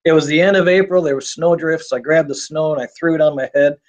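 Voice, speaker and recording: A man's voice: a little high, quick pace. A middle-aged man telling a personal survival story in an interview, speaking intensely with frequent repeats and restarts.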